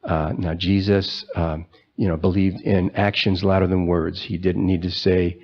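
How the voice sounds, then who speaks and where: A man preaching a sermon, retelling the scripture story in a conversational way and slowing down for the key lines. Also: deep voice, flat delivery, slightly rough, dull audio. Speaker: pastor.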